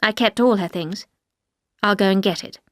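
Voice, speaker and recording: A woman's voice: mid-range voice, moderate pace, no echo, clean studio sound, lightly acted. A woman voicing a cold, severe older housekeeper who speaks in a clipped way.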